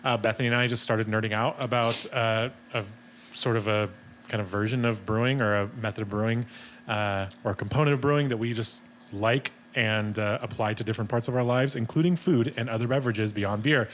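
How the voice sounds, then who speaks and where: A man's voice: medium pitch, steady tone, fairly quick, a bit bright, slight background noise. A man hosting a casual podcast from a taproom, laid-back, laughing often and swearing freely. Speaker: podcast host. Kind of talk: casual chat.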